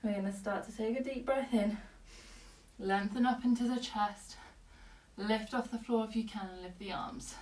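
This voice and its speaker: A woman yoga teacher guiding a class with calm, breath-paced cues and short commands, slightly out of breath. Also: mid-range voice, normal speed. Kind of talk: guided yoga class instruction. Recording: echoey room, voice from a distance.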